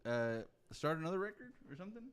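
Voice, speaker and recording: A man's voice: fairly high pitch, very animated, quick pace, smooth. A man co-hosting a podcast, chatting loosely, laughing and swearing as he talks. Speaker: podcast co-host. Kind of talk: casual chat.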